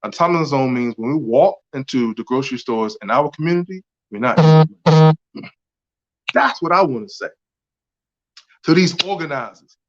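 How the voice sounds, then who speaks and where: A man's voice: medium pitch, lively intonation, moderate pace, long pauses, a bit bright. Emphatic man, lo-fi audio. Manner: emphatic, repetitive, keeps asking "right?". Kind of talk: impassioned casual talk. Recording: dull lo-fi audio.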